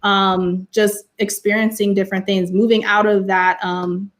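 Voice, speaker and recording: A woman's voice: mid-range voice, little pitch movement, a little slow. A young adult woman from California, a teacher, speaking on a panel and sharing personal experiences earnestly and passionately, often saying "you know".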